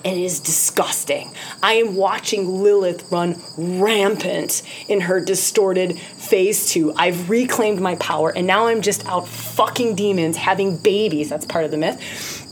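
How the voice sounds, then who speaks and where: Woman podcast host, lower voice, emphatic and fiery, crickets audible in the background. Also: unhurried, slight background noise. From United States. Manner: impassioned, emphatic, swears freely. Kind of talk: spiritual podcast monologue.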